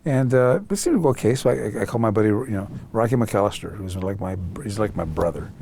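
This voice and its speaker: A man's voice: lowish voice, fast talker, vocal fry, slight background noise. An older man, a guest in an interview, telling stories animatedly and acting out other people's voices. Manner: animated, acts out quoted voices. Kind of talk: storytelling interview.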